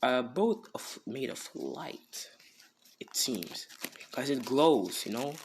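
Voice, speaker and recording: A man's voice: mid-range voice, lively intonation, takes it slowly, creaky, slight background noise. Rambling man telling a fan story. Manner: rambling, filler-heavy. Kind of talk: casual improvised storytelling.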